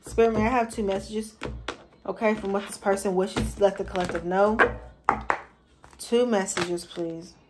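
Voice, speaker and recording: A woman's voice: mid-range voice, fairly even intonation, moderate pace, long pauses, very noisy. Chatty woman giving a tarot reading. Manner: chatty, slangy, repeats herself for emphasis. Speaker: tarot reader. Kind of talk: casual tarot reading for viewers.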